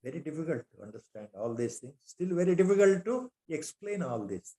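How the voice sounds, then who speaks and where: A man's voice: a little high, big pitch swings, a little fast, mellow. A man with an Indian English accent giving a spiritual lecture on scripture, repeating rhetorical questions and weaving in Sanskrit terms.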